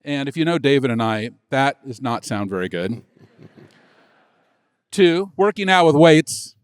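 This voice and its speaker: A middle-aged man, a tech executive, telling a rambling story on a conference stage, acting out the dialogue with excitement. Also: mid-range voice, unhurried, clean tone, no room sound, clean studio sound. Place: conference stage before an audience.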